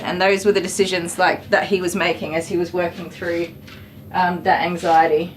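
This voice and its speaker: A woman's voice: fairly low pitch, fairly even intonation, normal speed, echoey room, distant mic, slight background noise, rough recording. A woman dog groomer with a cold, chatting through her work on a live stream and cooing to the dog now and then. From Australia. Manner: chatty, explains as she works, coos to the dog. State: has a cold, short of breath. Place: grooming salon.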